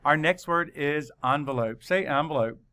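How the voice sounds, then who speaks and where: A man teaching a spelling lesson to children, spelling words out letter by letter in a slow, deliberate way. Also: a little high, pushed and bright.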